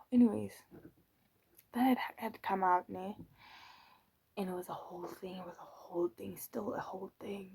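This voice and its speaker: A woman's voice: mid-range voice, darkish tone, breathy edge, low-quality recording. A young woman telling a story in a casual, drawling way, mocking and exasperated, her voice often trailing into whispers. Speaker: channel host.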